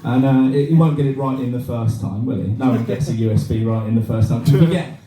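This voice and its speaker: A male stand-up comedian speaks fast in a mellow, medium-pitched voice, trading crude, self-deprecating jokes and chat with a small bar audience. The recording has a roomy live feel from a distant mic, with the crowd laughing.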